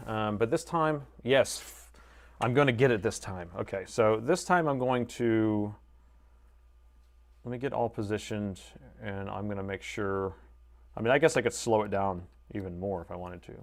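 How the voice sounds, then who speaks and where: A man live-streaming laptop repair from his desk, chatting casually and reading viewer comments aloud, on a lapel mic. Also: fairly low pitch. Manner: chatty, reads chat aloud, self-deprecating.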